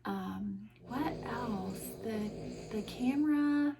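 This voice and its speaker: A woman's voice: on the high side, very slow. A young woman hosting her own podcast, rambling in a casual chatty way with dry, self-mocking sarcasm, recorded on a phone. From United States. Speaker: podcast host. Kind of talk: casual solo chat. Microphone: iPhone.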